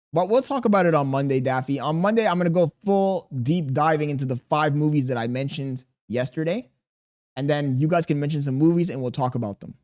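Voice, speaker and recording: A young man chatting casually on his livestream, reading chat aloud and talking slowly on purpose, with plenty of swearing. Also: on the high side, darkish tone. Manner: laid-back, deliberately slow storytelling, swearing, reading chat aloud. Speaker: streamer.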